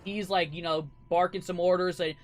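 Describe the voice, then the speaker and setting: A man's voice: high-pitched, little pitch movement, moderate pace. A man narrating a tabletop role-playing game as game master in a loose style, using lots of "like" and laughing often. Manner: loose, filler-heavy narration with frequent laughs.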